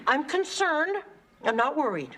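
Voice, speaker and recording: An actress playing a dry, wisecracking woman calming her nervous friend in a sitcom. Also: high-pitched, measured pace, a little hiss or hum, heavily acted. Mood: teasing. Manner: dry, sarcastic, reassuring. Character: wry, level-headed woman teasing her friend. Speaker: sitcom character. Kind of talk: sitcom acting.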